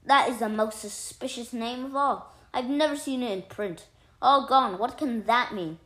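A woman voicing a fretful, suspicious little female mouse in a storybook tale, with shrill, indignant exclaiming. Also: animated, moderate pace, close to an everyday voice. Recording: roomy echo.

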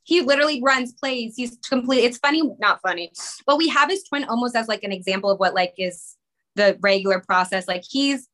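A woman in her thirties with a high, bright, forceful voice rushes through an emotional personal story as a guest in a conversation. She rambles, restarts and leans on "like" constantly. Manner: rushed, rambling, many "like" fillers. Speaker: podcast guest, mother.

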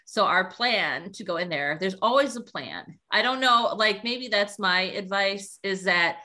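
A young adult woman co-hosting a podcast, chatting casually and telling stories in an animated way. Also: medium pitch, unhurried. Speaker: podcast co-host.

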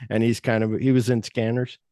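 A male podcast host talking casually at an ordinary middle pitch. He rambles through a story with lots of fillers and acts out quotes in an animated way, in a dry, close recording. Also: brisk, no room sound. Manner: rambling, animated plot retelling with acted-out quotes.

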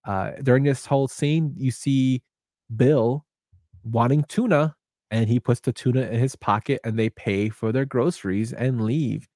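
A man's voice: medium pitch, unhurried, mellow, dry recording, studio quality. A man co-hosting a casual film podcast, animatedly retelling scenes and acting out the dialogue. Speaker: podcast co-host. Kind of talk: casual movie discussion.

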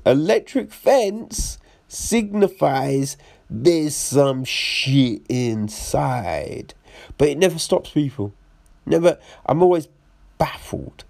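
A young man rants casually about films at an unhurried, drawn-out pace, his voice sitting at a middle pitch. He curses freely, stumbles over restarts and keeps firing off baffled rhetorical questions. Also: darkish tone. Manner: profane, rambling, frequent restarts.

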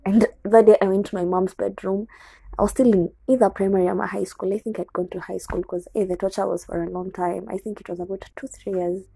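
Husky, gravelly Kenyan woman telling a confession. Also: mid-range voice, little pitch movement, brisk, warm tone, dry recording, low-quality recording. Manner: candid, code-switching into Swahili. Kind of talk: confessional personal storytelling.

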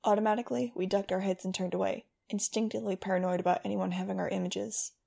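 Casting: woman audiobook narrator, wry first-person storyteller, gravelly edge, mid pitch. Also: steady tone, warm tone. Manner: wry, brisk storytelling with voiced dialogue.

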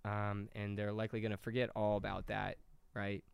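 A man hosts a casual podcast, rambling through the news with jokes. His mid-range voice is gravelly yet smooth. He sits close to the mic in a dry room. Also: lowish voice, completely flat delivery, fairly quick, no room sound. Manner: rambling, jokey, reads news headlines aloud. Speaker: podcast host. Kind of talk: casual political podcast banter.

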